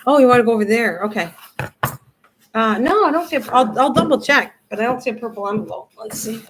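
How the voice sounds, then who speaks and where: A woman's voice: a little high, lively intonation, quick pace, background noise. An older woman hosting a live crafting stream, chatting casually, rambling and answering viewers as she works. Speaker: crafting livestream host.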